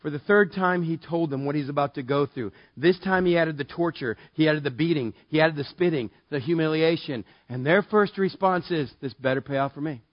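A man preaching a sermon in a casual, joking way that builds to loud, emphatic passages. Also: on the high side, normal speed, hardly any pauses, no echo, muffled recording. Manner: conversational, jokey, rising to loud emphatic preaching. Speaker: pastor.

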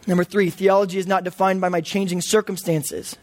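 A man's voice: high-pitched, little pitch movement, brisk. A man in his thirties preaching a sermon, earnest and emphatic. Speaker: pastor.

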